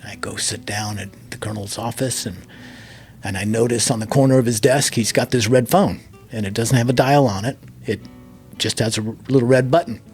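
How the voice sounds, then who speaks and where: A middle-aged army veteran telling a long story as an interview guest, acting out the dialogue and dropping to a near whisper at emotional moments. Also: male voice, medium pitch, a little fast, darkish tone, faint music behind.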